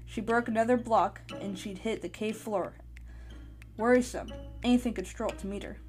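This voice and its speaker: Casting: podcast storyteller, eager and friendly, mid-pitched, music bed behind. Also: female voice, steady tone, moderate pace, a little mellow. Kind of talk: storybook narration.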